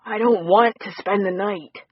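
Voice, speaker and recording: A big, gruff man with a raspy, breathy voice, as an audiobook narrator puts him on. He talks simply and earnestly, pleading at times. The recording is dry and a little muffled. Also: sits high, unhurried, dry recording.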